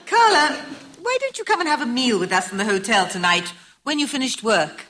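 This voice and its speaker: An actress playing a gentle, weary wife on holiday. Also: female voice, on the high side, sing-song, a little fast. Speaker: hotel guest. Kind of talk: comedy drama acting.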